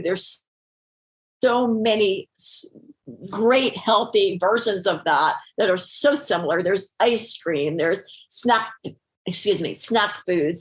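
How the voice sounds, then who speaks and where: A middle-aged woman with a somewhat low voice talks earnestly as a podcast guest. She restarts her sentences often and fills the gaps with "um" and "you know.". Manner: earnest, many fillers and restarts. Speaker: podcast guest, holistic doctor. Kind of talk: conversational interview.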